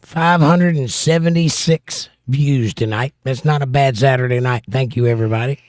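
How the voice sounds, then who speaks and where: A man's voice: mid-range voice, moderate pace, darkish tone. A middle-aged man with a Southern accent, hosting a livestream and joking as he reads viewer comments aloud. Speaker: livestream host. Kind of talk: casual chat.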